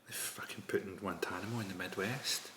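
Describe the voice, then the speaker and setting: A Scottish man chatting as a comedian co-host, swearing often and riffing through quick absurd bits. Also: deep voice, steady tone, bright, forceful tone, slight background noise. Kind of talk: casual comedic chat. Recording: echoey room.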